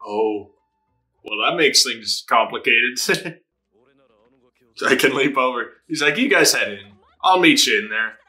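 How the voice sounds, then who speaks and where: A man reacting casually to an anime episode, excitable and laughing often, with a lot of swearing and quick put-on voices for the characters. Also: mid-range voice.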